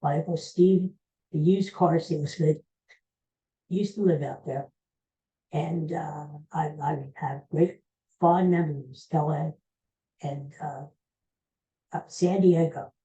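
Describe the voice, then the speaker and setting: A woman's voice: deep voice, fairly even intonation, slow pace, pauses often, warm tone. Rambling jokey woman host, dull lo-fi sound. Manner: rambling, jokey, teasing the studio crew. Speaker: podcast host. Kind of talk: casual chat.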